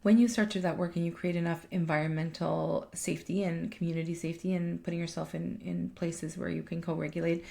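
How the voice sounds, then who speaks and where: A woman with a low, gravelly voice talks in a loose, emphatic coaching chat. She swears freely and restarts her sentences often as she works out her points. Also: level tone, quick pace, few pauses, mellow. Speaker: life coach and podcast co-host. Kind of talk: casual chat.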